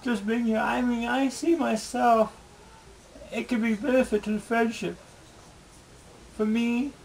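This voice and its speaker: Pleading man with a gravelly voice. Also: sits high, rough recording. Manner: pleading, repetitive, halting. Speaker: video blogger. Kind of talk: emotional personal video diary.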